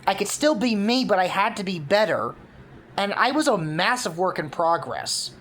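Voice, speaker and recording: A woman voices a male chaos spirit who speaks firmly and earnestly. Her medium-pitched, fairly bright voice has lively intonation and a moderate pace, close to an everyday voice, with slight background noise.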